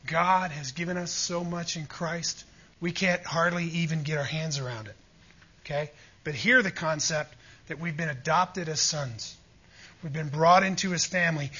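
A man's voice: a little high, sharp tone, husky, muffled recording. A man preaching a sermon with emphatic, fervent delivery, often calling out to his listeners for agreement. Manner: emphatic, rising to fervent peaks, asks the audience "Amen?".

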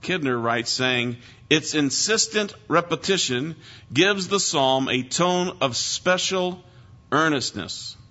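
A man's voice: fairly high pitch, lively intonation, slow, sharp tone. A man teaching through a psalm in an earnest sermon, stressing key words with emphasis. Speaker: preacher. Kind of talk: expository Bible teaching. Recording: dull lo-fi recording.

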